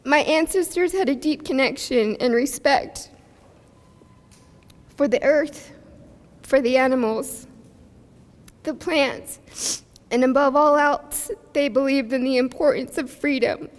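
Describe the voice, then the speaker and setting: A young woman speaking at a press conference as a community advocate, emotional and halting, pausing with nervous laughs and fillers. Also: high-pitched. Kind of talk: emotional public speech. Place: press conference in a large hall. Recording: long hall reverb.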